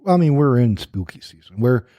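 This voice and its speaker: Medium-pitched, expressive, and mellow, a man co-hosting a studio podcast talks at a moderate pace with no room sound audible. He keeps the banter casual, joking around and delivering trivia in playful voices.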